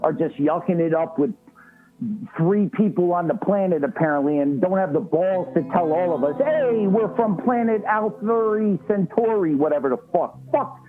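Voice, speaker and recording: A man's voice: fairly high pitch, normal speed. A man calling in to a show, ranting and swearing. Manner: ranting, profane. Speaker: caller. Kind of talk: call-in rant. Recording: tinny phone line with faint music. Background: faint music.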